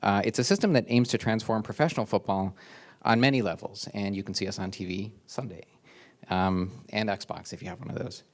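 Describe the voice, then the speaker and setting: Male entrepreneur, lowish voice, loose hesitant introduction with lots of fillers. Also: fairly quick. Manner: informal, with many ums and uhs. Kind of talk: casual stage introduction.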